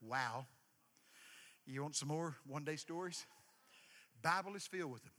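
An older man preaching a sermon with animated storytelling, sudden shouted bursts and joking asides. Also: fairly high pitch, normal speed. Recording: long reverb of a large hall.

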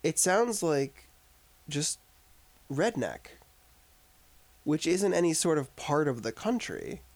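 Speaking slowly in a fairly high, very animated voice, a man co-hosts a laid-back podcast in upstate New York. He rambles through a film review, filling it with filler words.

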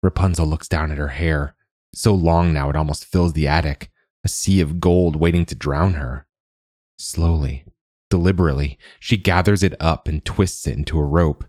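A man hosts a fiction podcast and narrates a short story. His voice is very deep, and he reads in a measured, deliberate way. The recording is dry and close. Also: fairly even intonation, darkish tone, no echo.

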